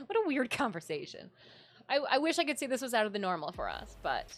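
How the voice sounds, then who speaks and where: A young adult woman streamer from Michigan, chatting casually with her viewers and often breaking into loud laughter. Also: fairly high pitch. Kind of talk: casual live-stream chat while drawing.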